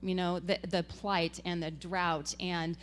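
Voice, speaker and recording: A woman giving a tribute speech at a gathering, telling animated stories and laughing often. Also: on the low side, takes it slowly, a little hiss or hum. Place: event gathering.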